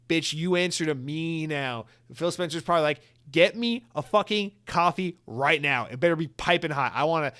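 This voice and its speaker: A man's voice: medium pitch, fairly bright tone, clean tone. Joking, casual male podcast host. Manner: casual, profane, joking riffs with put-on voices. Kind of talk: solo podcast commentary.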